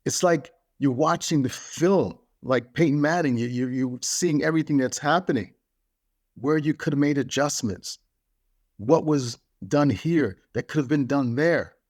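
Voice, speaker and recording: A man talks through a motivational podcast monologue at a middling pitch, neither high nor low. He speaks emphatically and keeps hammering his points home by repeating phrases. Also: unhurried.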